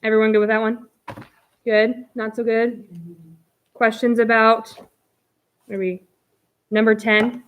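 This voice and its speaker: A woman's voice: a little high, level tone, measured pace, long pauses, poor audio. Chatty woman teaching math aloud. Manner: chatty, walks through steps aloud. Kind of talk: live online math review.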